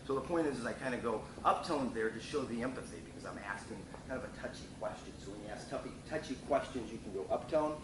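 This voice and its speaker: A man's voice: medium pitch, fast, few pauses. A middle-aged man giving a casual sales training lesson, repeating himself and restarting with many fillers. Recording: roomy, distant mic, noisy background.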